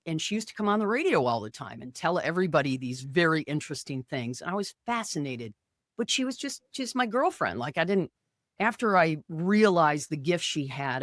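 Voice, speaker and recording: A woman's voice: low voice, dry recording, studio quality. A woman in her fifties, an author and radio personality, telling a story as a guest in a casual interview. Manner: animated, vivid storyteller.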